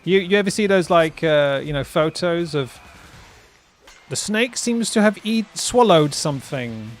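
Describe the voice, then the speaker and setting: A man's voice: on the high side, expressive, a little slow, soft background music. A man hosting a live stream in casual chat, rambling and laughing often, tagging lines with "right?" and "bruv". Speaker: streamer host.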